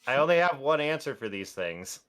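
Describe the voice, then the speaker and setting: A man in a middle pitch chats as a player in a tabletop game. He jokes and stammers as he asks about rules. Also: sing-song, a little fast, a bit bright. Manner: jokey, stammering. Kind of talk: casual tabletop game play.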